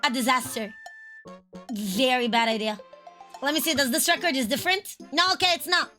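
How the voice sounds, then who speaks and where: A woman streamer chatting casually over gameplay, excitable and profane, laughing often. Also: sits high, moderate pace, faint music behind. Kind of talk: casual gaming stream chat.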